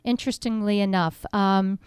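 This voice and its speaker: A woman's voice: medium pitch, fairly even intonation, normal speed, smooth, no echo, studio quality. A woman hosting a local radio talk show, chatty and full of ums. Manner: chatty, warm laughs, many ums. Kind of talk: radio interview. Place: radio studio.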